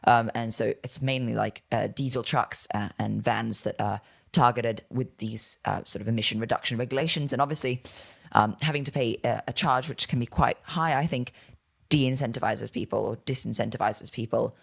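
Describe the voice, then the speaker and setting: A British man co-hosting a casual podcast, his voice gravelly and somewhat husky. He talks in a loose, chatty way, full of ums and small corrections. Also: mid-range voice, normal speed, a bit bright. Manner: chatty, with many fillers and self-corrections. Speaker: podcast co-host.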